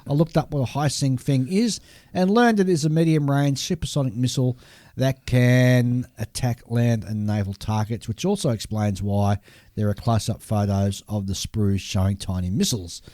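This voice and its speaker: A man's voice: medium pitch, moderate pace, dark tone, no room sound, clean studio sound. A man co-hosting a casual hobby podcast, reading a list of new model kits and tripping over foreign names with a laugh.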